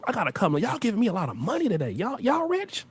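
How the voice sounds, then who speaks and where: A man's voice: wildly swooping pitch, fast, slightly rough. A man hosting a heated livestream, preachy and confrontational. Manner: preachy, confrontational, swings pitch widely. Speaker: livestream host.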